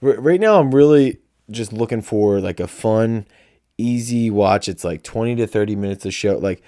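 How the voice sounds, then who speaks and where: A man's voice: lowish voice, moderate pace, warm tone, no echo, clean studio sound. A man co-hosting a podcast in casual chat, laid-back and swearing freely. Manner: laid-back, swearing, mimics voices when retelling. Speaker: podcast co-host.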